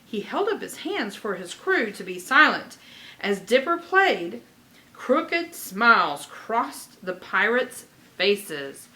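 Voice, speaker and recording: A woman reading a children's chapter book aloud with expressive delivery and chatty asides. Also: on the high side, takes it slowly, poor audio. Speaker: reader.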